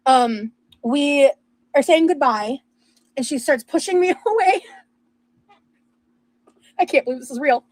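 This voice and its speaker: Young woman, casual storyteller, rambling with fillers, high-pitched, dry recording. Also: measured pace, long pauses, no room sound, rough recording. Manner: rambling, animated, lots of fillers and restarts. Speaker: streamer and podcast host.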